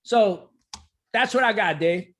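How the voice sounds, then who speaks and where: A man, an insurance agent telling an emotional client story in an emphatic, animated way that keeps checking in with "right?". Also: high voice, slow.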